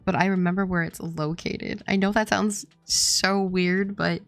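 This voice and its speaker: A woman's voice: fairly low pitch, fairly even intonation, a little slow, creaky, no echo, soft background music. A woman streaming her game development work, chatting casually and rambling with lots of "like" and giggles. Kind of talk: casual chat while working on a game.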